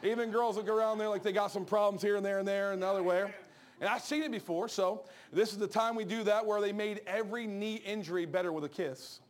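A middle-aged man, preaching a joking, storytelling sermon that turns soft and low for serious points. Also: fairly even intonation, fast. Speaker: pastor.

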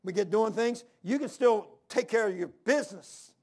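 A man in his sixties preaches at a normal speed in a high-pitched, slightly mellow voice. He's folksy and emphatic, drawling "man" and "ain't," repeating himself, and crying out amen and hallelujah.

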